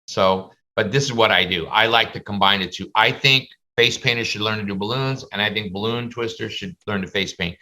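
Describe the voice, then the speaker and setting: A man's voice: fairly low pitch, brisk, hardly any pauses, pushed and bright. A man teaching a class over a video call, chatty and full of stories. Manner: chatty, storytelling, slips into comic voices. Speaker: face painting instructor.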